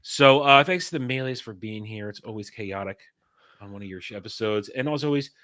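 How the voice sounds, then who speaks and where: Relaxed, bright-voiced man announcing shows. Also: on the low side, fairly quick. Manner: relaxed, teasing and profane. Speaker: panelist who announces upcoming shows. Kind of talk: casual chat on a live stream.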